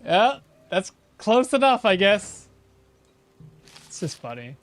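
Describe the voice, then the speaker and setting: Male streamer, higher voice, animated, casual rambling play-by-play chat. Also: slow, dry recording, faint music behind. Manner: rambling, self-correcting, chatting with viewers. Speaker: game streamer. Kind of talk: casual gameplay commentary.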